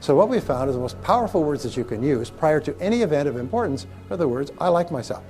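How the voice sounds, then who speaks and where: A man's voice: fairly high pitch, very animated, fast, a little mellow, soft background music. A man giving a motivational seminar talk to a live audience, emphatic and repetitive, leading them in call-and-response. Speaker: motivational speaker.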